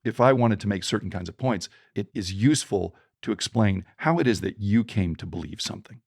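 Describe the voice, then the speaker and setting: A middle-aged man with a low, gravelly voice talks through storytelling advice as a podcast guest. He is animated and acts out the people in his stories. The sound is close and dry. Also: a little fast, no echo.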